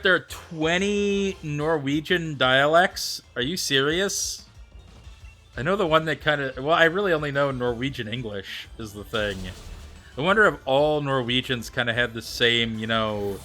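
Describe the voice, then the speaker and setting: An American man's mid-range voice, pushed and bright, carries his live game stream. He chats casually with viewers, thinking aloud as he goes and reading out their chat messages to answer them.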